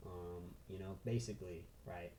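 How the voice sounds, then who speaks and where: A man giving a casual trading lesson over a chart, excitable, with constant "right?" and "boom" interjections. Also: normal speed, reverberant, a little hiss or hum, poor audio. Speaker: trading instructor.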